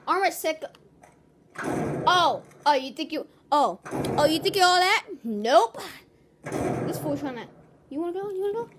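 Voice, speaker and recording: A woman giving excited gameplay commentary, yelling loud reactions and trash talk at the game. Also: sits high, unhurried, long pauses, noisy background.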